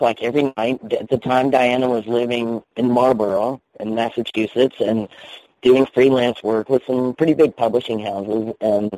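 A man's voice: medium pitch, mellow, no room sound, poor audio. A man with a North Carolina Southern accent, a minister guest in a radio interview, telling a personal story in a chatty, candid way. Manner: chatty, candid, laughs easily.

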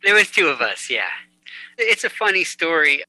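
Man, musician guest, slightly high voice, very bright tone, chatty storyteller, laughs easily. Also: big pitch swings, normal speed, no echo, poor audio. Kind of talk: conversational interview.

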